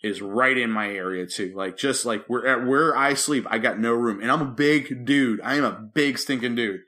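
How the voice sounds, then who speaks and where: A man co-hosting a podcast, telling a story in casual chat and loudly acting out what people said. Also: mid-range voice, normal speed. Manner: animated storyteller, acts out quotes loudly. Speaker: podcast co-host.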